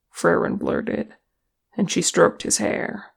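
A calm, measured narrator reads a fan fiction story aloud as an audiobook. The delivery is unhurried, and a heavy, gravelly vocal fry runs under the voice. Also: mid-range voice. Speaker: audiobook reader.

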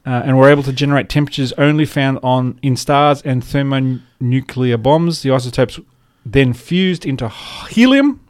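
Male podcast host, casual and chatty, mid-pitched, dry close sound. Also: little pitch movement, moderate pace, few pauses, no echo. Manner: chatty, frequent fillers and restarts, laughs easily. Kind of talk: casual chat.

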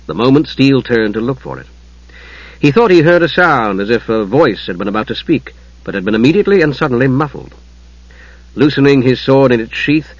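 A man reads a fantasy audiobook in a measured, dramatic way, his voice husky at a middling pitch. The recording is dry and close, with a slightly dull, muffled top end. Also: no echo. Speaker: audiobook narrator. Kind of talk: scripted fantasy narration.

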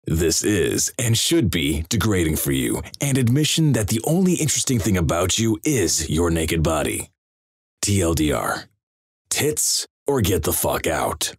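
Deep deadpan man reading online stories. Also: a little slow, husky, no echo, studio quality. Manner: deadpan, crude. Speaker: narrator. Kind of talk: reading internet stories aloud.

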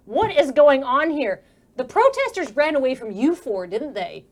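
Pushy high-voiced newswoman, played by the GM. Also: big pitch swings, moderate pace. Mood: demanding. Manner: pushy, insistent.

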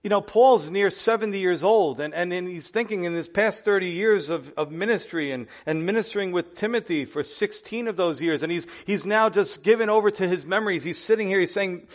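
A man preaching a sermon as pastor, impassioned and swinging between hushed and loud passages. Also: fairly high pitch, normal speed.

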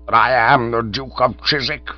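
A man's voice: mid-range voice, moderate pace, lightly acted. A man voicing an indignant elderly English duke who speaks in stiff, pompous, formal tones, on a dull recording with a mains hum. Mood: stiffly polite.

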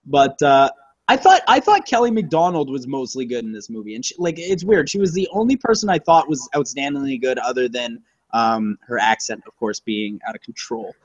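A man's voice: mid-range voice, expressive, fairly quick, no room sound, muffled recording. A man co-hosting a casual movie-review chat, rambling and profane, with lots of fillers and self-corrections. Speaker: podcast co-host reviewing a movie.

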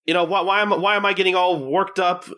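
A man's voice: very animated, normal speed, pushed and bright. A man voicing a grumpy, broke young samurai who rants in exasperation. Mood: exasperated. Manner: exasperated ranting, raised pitch.

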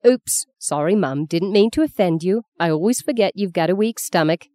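A cheeky young woman who answers back in short, defiant bursts, as a woman reading a story puts her on. The voice is slightly raised and mellow, with a flippant edge. The recording is dry and close. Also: fairly low pitch, animated, moderate pace, no echo, close to an everyday voice. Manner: flippant, terse.

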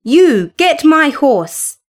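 A woman's voice: fairly high pitch, big pitch swings, measured pace. A woman doing a spoiled, haughty young girl. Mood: imperious. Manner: imperious, scornful.

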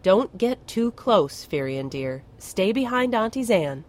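A woman's voice: mid-range voice, sing-song, takes it slowly, voice pushed up. A woman voicing a kindly old witch who soothes and coos in a sing-song way. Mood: soothing.

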